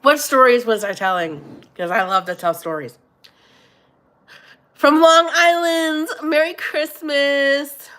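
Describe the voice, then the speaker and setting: A middle-aged woman with a stuffy nose hosting a casual livestream, chatting with her viewers and greeting them warmly by name. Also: on the high side, expressive, measured pace, hardly any pauses. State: congested, blowing her nose. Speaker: livestream host reading viewer chat.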